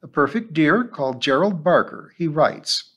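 As a man putting on a woman's voice, give a firm, bossy middle-aged lady, raised in pitch, brisk and no-nonsense in a read-aloud storybook. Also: lively intonation, fairly bright tone. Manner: firm, stern, bossy and cheerful.

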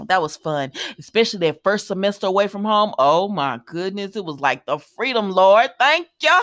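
A woman's voice: mid-range voice, moderate pace. Chatty woman recapping a soap. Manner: animated, chatty, addresses listeners as y'all, laughs often. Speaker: soap opera recap host.

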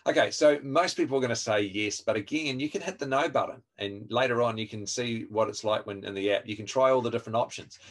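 A man's voice: mid-range voice, fast talker, hardly any pauses. A man training people in a live online webinar, explaining step by step and quizzing his listeners. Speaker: evangelism trainer.

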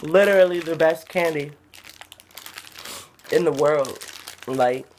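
A woman's voice: deep voice, takes it slowly, a little mellow, a little hiss or hum. A young woman, chatting and telling stories in a casual vlog, often giggling, partly filmed in a car on a phone camera. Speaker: vlogger. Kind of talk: casual vlog chat and storytelling.

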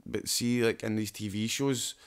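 A Scottish man with a lowish voice chats casually on a podcast. His talk is broad and sweary, and he keeps asking whether his point lands. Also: fairly even intonation, moderate pace, clean tone. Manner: broad, sweary, says "do you know what I mean" often. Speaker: podcast co-host. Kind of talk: casual chat.

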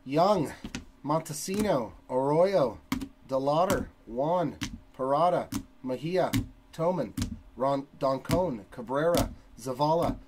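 Male card break host, unhurried delivery, a bit high, noisy stream audio. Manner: rattles off long lists of names in a steady cadence. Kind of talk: live card break recap, reading names.

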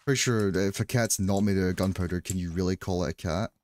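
A man's voice: deep voice, fairly even intonation, quick pace, darkish tone. Joking Glaswegian man streaming a game. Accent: Glaswegian Scottish. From Scotland. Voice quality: joking, rambling, frequent laughs and restarts. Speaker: livestreamer. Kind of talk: casual chat while gaming.

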